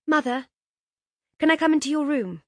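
A woman's voice: lively intonation, normal speed, no room sound, studio quality. A woman voicing a breathless pleading young woman. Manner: high, breathless, urgent pleading.

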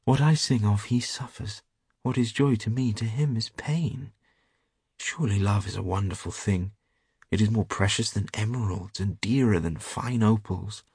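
A man's voice: lowish voice, normal speed, a little mellow, husky, no room sound, clean studio sound. A man reading the part of a tender, devoted female nightingale in a fairy tale, in an earnest, lyrical way. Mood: rapturous.

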